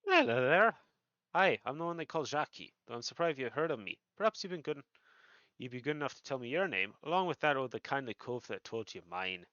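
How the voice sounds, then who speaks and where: A man's voice: mid-range voice, very animated, brisk, sharp tone, no room sound. Male reader as a sly, upbeat thief boss from a fantasy game, slangy patter, dull lo-fi audio. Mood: jovial. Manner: cheery thieves' slang. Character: sly male rogue guild master, jovial.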